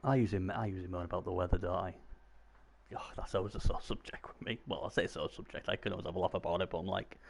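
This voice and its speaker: A man commentating live on a video game stream, chatty and excitable, talking to his viewers. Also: sits low, racing, creaky, a little hiss or hum. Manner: chatty, excitable, talks to chat.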